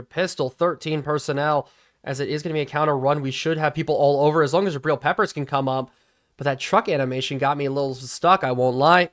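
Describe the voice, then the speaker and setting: Excitable young man calling a football game. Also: fairly high pitch. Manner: excitable play-by-play, swings from calm to shouting. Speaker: gaming channel host. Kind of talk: football video game commentary. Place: home studio.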